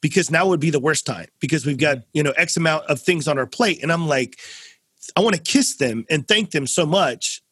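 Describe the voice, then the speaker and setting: A man hosting a casual conversational interview, an animated storyteller who acts out quotes with big swings in his voice. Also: a little high, fairly quick, husky, no echo, clean studio sound. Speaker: podcast host.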